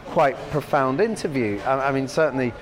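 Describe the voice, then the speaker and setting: A man in his fifties, a podcast guest telling long anecdotes in a halting, rambling way full of restarts. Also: medium pitch, background noise. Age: 50s. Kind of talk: anecdotal storytelling.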